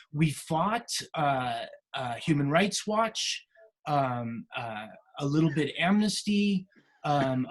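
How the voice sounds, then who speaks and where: Middle-aged guy from the us, talks to students, kinda high voice, loose storytelling. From United States. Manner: many fillers and restarts, storytelling. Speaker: career day speaker. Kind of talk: casual talk to students.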